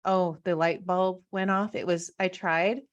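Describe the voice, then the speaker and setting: A woman's voice: fairly low pitch, fairly even intonation, measured pace, dull audio. A woman in her thirties hosting an interview, chatting personally with lots of fillers and restarts. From Washington state. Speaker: host. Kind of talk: casual conversational interview.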